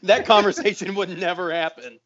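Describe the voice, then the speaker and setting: A man speaks a little higher than most men, blunt and swearing casually in a podcast chat. The recording is dull and lo-fi. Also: fairly even intonation, a little fast, a bit bright. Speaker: podcast co-host.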